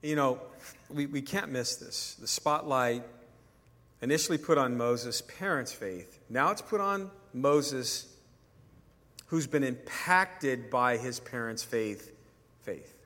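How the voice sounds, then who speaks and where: A man's voice: mid-range voice, slow pace, sharp tone, big-room sound. A male pastor preaching a sermon in a conversational way, acting out dialogue when he tells stories.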